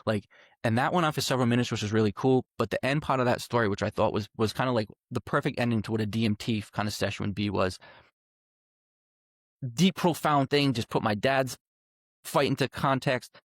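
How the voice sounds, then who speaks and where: A man speaks at a middle pitch, earnest and emphatic, stacking repeated phrases and dropping the odd curse as he tells his story. He is a guest on a podcast. The sound is dry and close, with no room around it. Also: fairly quick, no room sound. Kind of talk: personal storytelling.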